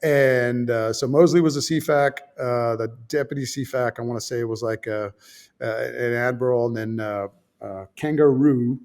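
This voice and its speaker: A man in his fifties, a former fighter pilot, in the middle of a loose, unhurried story. His pitch sits in an ordinary middle range. His talk is full of "uh", false starts and casual swearing, and he takes shots at himself along the way. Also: a little mellow. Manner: swears freely, self-deprecating, many fillers and restarts.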